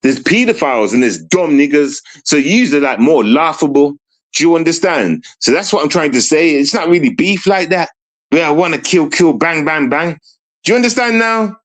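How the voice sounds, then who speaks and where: A man's voice: fairly high pitch, animated, moderate pace. A young man ranting on a casual livestream, mocking and repetitive as he talks to his chat.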